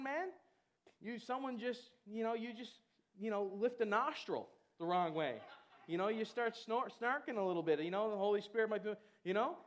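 A man with a strikingly high voice preaching a lively sermon. He talks in a loose, chatty way, full of fillers, and then breaks into exuberant shouted calls to his congregation. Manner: chatty storytelling with many fillers. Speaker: pastor.

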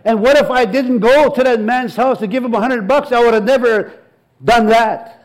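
A man's voice: extremely high pitch, moderate pace, rough recording. A male pastor preaching a sermon, telling stories with acted-out dialogue and frequent repetitions. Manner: animated storytelling, acts out dialogue, frequent repetitions.

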